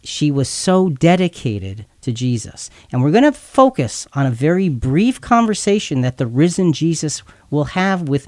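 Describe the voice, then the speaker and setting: In a clean, dry studio recording, a man with a mid-range voice explains a Bible passage. He's earnest and explanatory, though he sometimes stumbles and repeats words.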